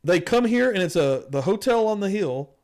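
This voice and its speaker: A man co-hosting a podcast, chatting in an excitable, laughing, bantering way. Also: sits high, normal speed. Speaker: podcast co-host. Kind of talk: casual chat. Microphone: studio broadcast mic.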